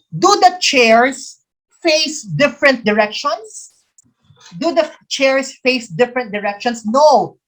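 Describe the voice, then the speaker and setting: A woman's voice: on the high side, a bit bright. A woman with a Filipino accent teaching a live exam review quiz, repeating each question and answer and slipping into Tagalog. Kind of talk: live online quiz coaching.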